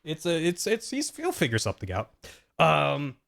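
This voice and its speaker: Bright-voiced rambling streamer man. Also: on the high side, moderate pace, gravelly. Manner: rambling and jokey, with frequent restarts and laughs; animated storytelling. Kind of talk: casual plot recap on a live stream.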